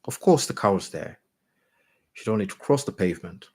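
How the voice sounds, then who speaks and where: A man with a very low, husky voice reads a short story aloud. His pace is measured, and he sometimes stumbles and restarts a phrase. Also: animated, mellow. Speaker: reader.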